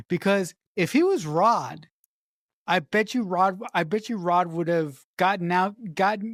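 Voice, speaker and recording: A woman's voice: mid-range voice, dry recording, studio quality. A woman co-hosting a podcast, giving emphatic, profane opinions about a film and often restarting her sentences. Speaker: podcast co-host. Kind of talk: casual film review chat.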